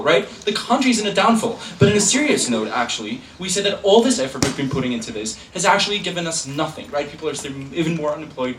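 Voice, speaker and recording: A young man giving a competitive debate speech in a hall, quick and sarcastic, drawing laughs from the room. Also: on the high side, fairly bright tone. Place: lecture hall. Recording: echoey hall, distant mic, faint room noise.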